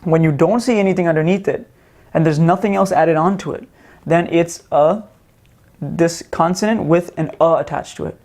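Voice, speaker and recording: A man with a slightly higher-than-usual voice teaches in a loose, conversational way. He sounds out single letters one at a time, repeats himself, and keeps checking in with his listeners. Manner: relaxed, repeats sounds slowly with many "right?" check-ins. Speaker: Sanskrit teacher. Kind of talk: casual explanatory lesson.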